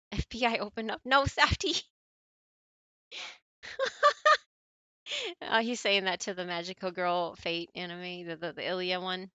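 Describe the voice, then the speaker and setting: A woman's voice: fairly low pitch, lively intonation, a little slow, long pauses, pushed and bright, clear, resonant tone, no room sound, highs cut off. An American woman streaming, chatting casually with her chat, laughing often and rambling with lots of fillers. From United States. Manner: giggly, rambling, apologetic, many fillers.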